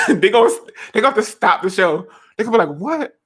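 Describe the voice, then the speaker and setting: Animated young woman chatting to camera. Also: medium pitch, fast talker, husky. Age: 20s. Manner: animated, dramatic, laughs often, sings snippets. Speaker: vlogger. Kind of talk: casual chat.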